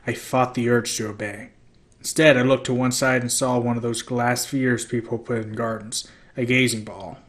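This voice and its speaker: A man's voice: mid-range voice, moderate pace. A man narrating a novel aloud as an amateur audiobook reader. He tells it steadily in first person, with a mid-range voice and the odd slip. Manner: steady first-person storytelling with small slips.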